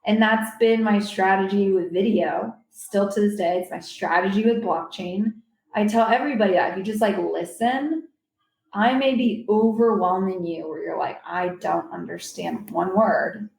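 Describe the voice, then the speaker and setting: Animated woman telling stories, roomy echo. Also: mid-range voice, normal speed, gravelly. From Silicon Valley. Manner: animated, rambling, quotes people in voices. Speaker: guest. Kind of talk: casual storytelling chat. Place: convention venue.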